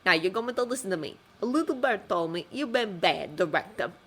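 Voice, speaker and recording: A woman's voice: mid-range voice, animated, a little fast, fairly bright tone, husky. A woman playing a menacing, mocking vigilante. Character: menacing vigilante cabbie, young man, cold and cruel.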